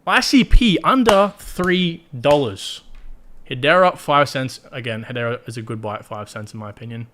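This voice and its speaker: A man's voice: medium pitch, lively intonation, normal speed, a bit bright. Blunt Australian man hosting a livestream. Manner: chatty, blunt and profane, talks straight to viewers. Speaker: crypto livestream host. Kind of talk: casual livestream commentary.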